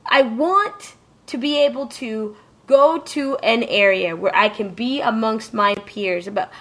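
A woman's voice: a little high, a little slow, fairly bright tone. A woman co-hosting a casual chat, emphatic and ranting, swearing freely.

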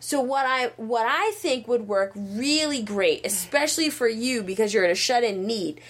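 A woman's voice: a little high, lively intonation, moderate pace, a bit bright. A woman chatting casually and rambling a plot summary, full of fillers. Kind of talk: casual chat.

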